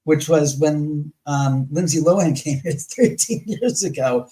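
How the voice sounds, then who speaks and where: Man, interview guest, casual storytelling, rambling, self-correcting, slightly high voice. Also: unhurried, dark tone, poor audio.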